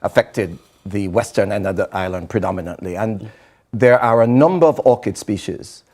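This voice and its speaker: A man with a low voice speaks as a studio guest, explaining in a measured, patient way. He builds his points step by step with frequent restarts. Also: a little mellow. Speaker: president of an orchid society, guest. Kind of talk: TV interview.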